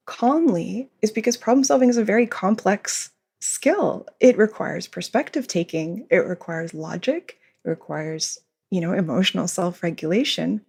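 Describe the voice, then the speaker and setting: A behavior consultant and author, appearing as a podcast guest, answers interview questions and explains at length, often giggling between points. Her medium-pitched voice is husky and a little mellow, with vocal fry.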